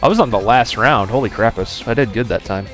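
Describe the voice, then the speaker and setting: A man's voice: medium pitch, expressive, fast talker, fairly bright tone, soft background music. A male game streamer in casual live-stream chat, upbeat and talking to his viewers. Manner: upbeat, chatty, talks to viewers.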